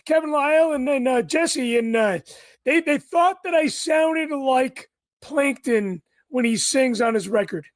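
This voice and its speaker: A man who is a guest on a podcast, chatting casually in a raspy voice like a bassy sound through a blown speaker, loud and emphatic, often swearing. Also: a little slow, no room sound. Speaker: podcast guest and fellow podcast host.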